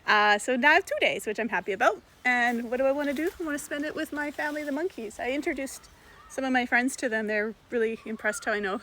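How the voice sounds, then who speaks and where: A woman's voice: a little high, bright, forceful tone, slight background noise. A woman vlogging casually outdoors, chatting and giggling as she feeds monkeys. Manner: chatty, giggly, talks baby-talk to monkeys. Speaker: travel vlogger. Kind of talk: casual vlog narration.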